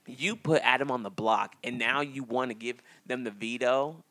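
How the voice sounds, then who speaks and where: A male podcast host chatting through a reality show recap with a gravelly, fry-heavy voice at a middling pitch. He talks in loose, slangy runs and acts out his reactions in little quoted asides. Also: a bit bright. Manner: slangy, drawn-out storytelling.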